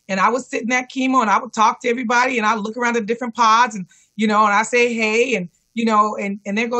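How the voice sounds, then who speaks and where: A woman speaks earnestly over a remote call, with a bright, forceful voice. She tells her story as an interview guest and keeps repeating encouraging words to herself. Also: fairly high pitch, fairly even intonation, quick pace. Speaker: guest, cancer survivor and fitness instructor. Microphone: remote call connection.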